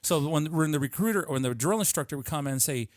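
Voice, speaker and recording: A man's voice: on the high side, lively intonation, quick pace, dry recording, clean studio sound. A man hosting a podcast in casual chat, telling stories with lots of restarts and casual swearing. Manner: rambling storyteller, swears casually, many restarts. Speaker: podcast host. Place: podcast studio.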